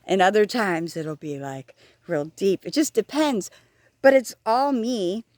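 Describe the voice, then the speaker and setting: A woman's voice: medium pitch, unhurried, a little mellow, dry recording, studio quality. A woman vlogging outdoors on a walk, talking frankly and rambling, swearing freely and joking at herself. She says she is hard of hearing. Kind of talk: casual talking-to-camera vlog.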